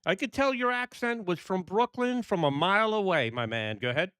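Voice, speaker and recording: A ham radio operator with a New York accent calls stations in a chatty, relaxed way. His voice sits high and rings smooth and clean. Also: a little fast, no room sound, studio quality. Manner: chatty, easygoing, laughs often. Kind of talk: casual on-air radio contacts.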